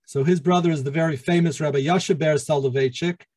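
A middle-aged man, a rabbi, telling his life story in an interview, halting with many restarts. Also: a little high, steady tone, darkish tone, dry recording, low-quality recording.

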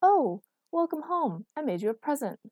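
A woman's voice: sits high, very animated, moderate pace, a little mellow, dry recording, clean studio sound, pitched above the performer's own voice. A woman voicing a quirky, cheerful young woman inventor who talks in a bubbly, earnest way.

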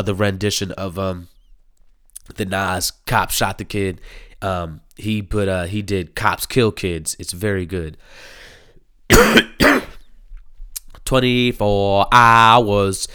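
Slangy young man, smooth voice. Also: deep voice. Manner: slangy, animated, laughs a lot, swears. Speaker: music vlogger reviewing new singles. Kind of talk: casual talk to camera.

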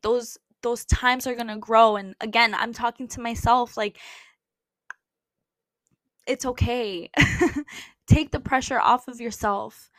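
A woman hosting her own faith podcast in a slightly high, bright voice. She talks earnestly and loosely, circling back on herself and filling gaps with "like". Her voice sounds close and dry, with no room around it. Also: no room sound. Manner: earnest, rambling with many "like"s. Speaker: podcast host. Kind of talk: casual faith podcast monologue.

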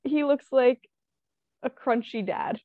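Woman co-host, high and lively, slow, dull lo-fi sound. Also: no echo. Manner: slow, drawn-out, agreeable, laughs often. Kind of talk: casual chat.

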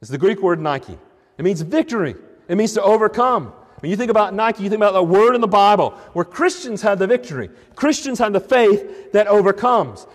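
Male preacher, high voice, emphatic and questioning, long hall reverb. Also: expressive, a little fast. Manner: questioning, emphatic, with many restarts. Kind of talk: sermon.

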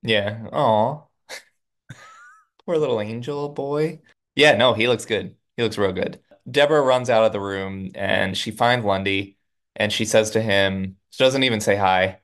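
A man co-hosting a podcast, casually recapping a TV episode and quickly acting out the characters' lines. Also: fairly low pitch, fairly bright tone. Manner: retells scenes with quick quoted lines. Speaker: podcast co-host.

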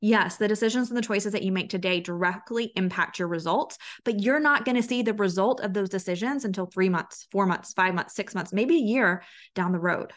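A woman's voice: mid-range voice, a bit bright. A woman hosting a solo podcast as a health coach, talking in an earnest, conversational way with frequent restarts.

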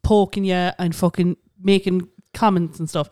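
A woman's voice: on the low side, steady tone, moderate pace, warm tone, no room sound, studio quality. A young woman co-hosting a podcast in casual chat, ranting bluntly and swearing freely. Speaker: podcast co-host.

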